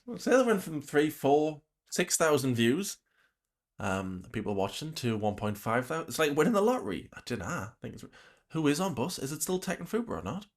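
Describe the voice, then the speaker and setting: A man's voice: a little high, sing-song, a little fast. A man reacting to a livestream, talking bluntly with an exasperated, ranting manner. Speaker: reaction commentator.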